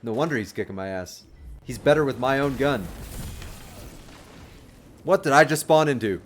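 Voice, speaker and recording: A young man on a game stream chats with viewers and hands out dating advice, friendly and meandering, often restarting sentences and chuckling. He speaks at a moderate pace in a mid-range voice with lively intonation, over a little hiss or hum.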